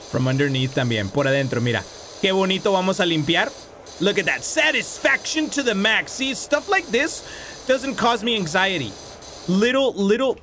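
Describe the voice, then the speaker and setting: A high, bright-voiced man chats through a cleaning game, excitable and playful as he talks to the objects on screen. He slips Spanish words into his English, and a faint hiss sits under the recording. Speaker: gaming video creator. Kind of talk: casual gameplay commentary.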